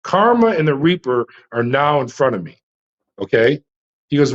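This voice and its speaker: Animated storytelling man, slightly muffled. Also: mid-range voice, moderate pace. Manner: frequent fillers and restarts, dramatic retelling. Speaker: interview guest, former prison officer.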